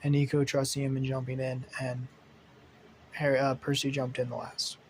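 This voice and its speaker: A man's voice: mid-range voice, monotone, normal speed, gravelly, slight background noise. A young man narrating an improvised fan story, rambling with many fillers and casual swearing.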